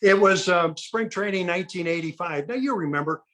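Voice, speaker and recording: A man's voice: high-pitched, fairly quick. A man in his sixties, a retired ball player, telling anecdotes and acting out the people he quotes. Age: 60s. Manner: lively storyteller who acts out the people he quotes. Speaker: guest, retired baseball pitcher. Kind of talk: anecdotal storytelling.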